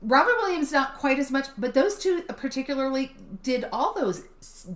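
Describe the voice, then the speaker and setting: Woman co-host, bright higher voice with lively swings, quick-witted banter. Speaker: podcast co-host. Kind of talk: casual chat. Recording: roomy echo.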